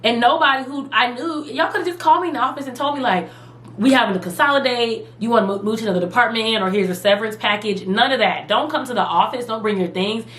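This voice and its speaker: A young woman telling a story from home in a casual, animated, dramatic way. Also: medium pitch, slight background noise. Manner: animated, dramatic retelling with quoted voices. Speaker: vlogger. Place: room at home. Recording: echoey room.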